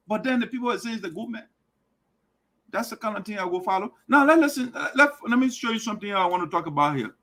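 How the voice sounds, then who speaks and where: High-voiced Liberian man's fiery political talk. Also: very animated, a little fast, pauses often. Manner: forceful, repetitive, rising to shouts. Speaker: online show host. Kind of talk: political commentary monologue.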